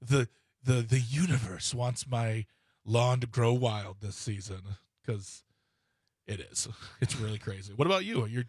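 A man's voice: mid-range voice, a little slow, husky, no room sound. Laid-back male regular, dry close sound, rambling plug-heavy chat. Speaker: comedy club promoter. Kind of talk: casual chat.

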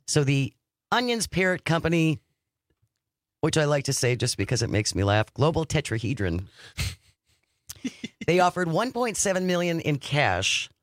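A man's voice: fairly high pitch, sing-song, a little slow, long pauses, no room sound, studio quality. A man co-hosting a podcast, reading news items aloud and adding his own commentary. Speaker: podcast co-host.

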